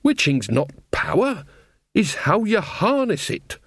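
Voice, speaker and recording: A man's voice: sits high, huge pitch swings, a little slow, a bit bright, no room sound, voice pushed up, heavily acted. A man doing a blunt old village witch woman. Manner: broad rustic dialect, gruff and plain-spoken.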